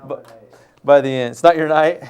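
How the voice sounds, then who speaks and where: A man hosting a live studio show, talking over high school football highlights in a loose, chatty way and joking with his crew. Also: steady tone, moderate pace, a little mellow, smooth. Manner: loose and chatty, jokes with crew, stumbles on names.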